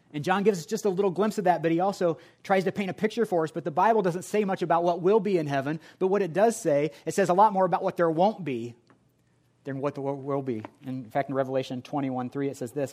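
A male pastor with a somewhat high voice delivers an earnest, pleading sermon to his congregation. He stacks up long rhythmic lists, and soft music plays faintly behind him. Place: church service before a congregation.

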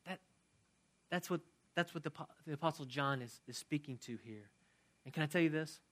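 A middle-aged man delivers a sermon and closing prayer in a fairly high, conversational voice. He asks his congregation questions, then drops from loud emphasis into soft, hushed prayer. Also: moderate pace. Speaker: pastor.

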